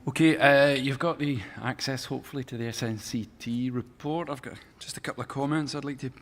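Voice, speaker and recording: Man, halting and casual at the podium. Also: medium pitch, slight background noise. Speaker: conference delegate. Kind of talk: addressing a conference. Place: conference hall.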